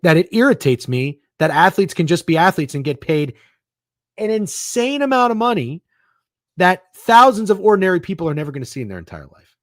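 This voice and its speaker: A man's voice: mid-range voice, dry recording, studio quality. A man co-hosting a casual sports podcast, talking in profane, exasperated rants. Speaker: podcast co-host.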